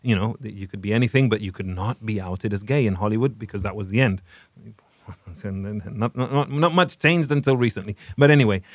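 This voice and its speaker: A man's voice: lowish voice, a little fast, dry recording. A man hosting a podcast, giving casual commentary on films in a chatty, emphatic way with many restarts. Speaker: podcast host.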